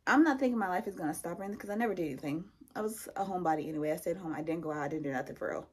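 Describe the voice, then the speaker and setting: Talking very fast in a low, husky voice, a young woman vlogs a personal story. She gets animated, taking on the voices of everyone in it and delivering their lines.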